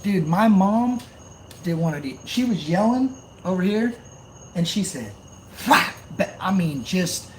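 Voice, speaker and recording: A young man with a drawl tells stories on a live stream, slightly high-voiced for a man. He is animated and profane and breaks into loud outbursts as he retells. Faint crickets chirp behind him. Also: slight background noise. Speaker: channel host on a live stream. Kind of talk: casual storytelling on a live stream.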